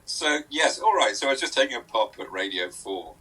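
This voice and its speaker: A man's voice: mid-range voice, animated, fairly quick, sharp tone, breathy edge, rough recording. A man who is a guest comedy writer on a podcast, chatting casually in a giggly, playfully sweary way.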